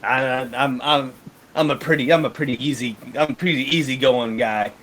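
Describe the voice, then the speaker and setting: A man voicing a burly, easygoing axe-wielding man who laughs heartily and hums gruffly. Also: mid-range voice, steady tone, a little fast, fairly bright tone, lightly acted, low-quality recording. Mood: jovial.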